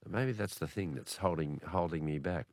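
An Australian man hosting a late-night radio show, with a croaky voice from a cold and a chatty, self-deprecating manner. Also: deep voice, normal speed, dry recording, studio quality. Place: radio studio. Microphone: studio microphone.

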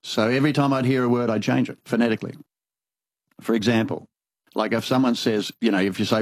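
An older Australian man, an interviewee, telling lively anecdotes and acting out the dialogue in them. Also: mid-range voice, brisk, no echo. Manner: animated anecdotal storyteller, acts out dialogue. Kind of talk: storytelling conversation.

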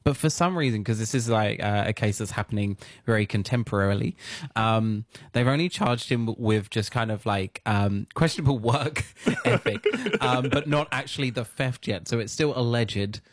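A man from the United Kingdom co-hosting a casual news chat, animated and giggly with quick asides. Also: medium pitch, dry recording, studio quality. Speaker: co-host.

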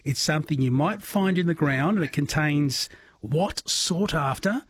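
An Australian man runs a phone-in quiz on overnight radio in a chatty, jokey way, cheering his callers on. His voice sits a little high and has a husky edge. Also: unhurried, dry recording. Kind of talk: casual overnight radio chat.

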